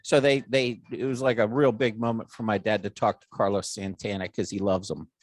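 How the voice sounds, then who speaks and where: A middle-aged podcast host tells a long, funny family story in casual conversation, animatedly acting out the voices of the people involved and swearing freely. His voice is lowish and fairly quick, recorded with no room sound.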